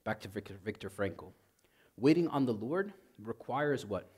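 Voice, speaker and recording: A man preaching as a priest in a conversational way, often saying "like" and swinging from loud to very soft. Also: on the low side, lively intonation, moderate pace, slightly rough. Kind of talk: sermon.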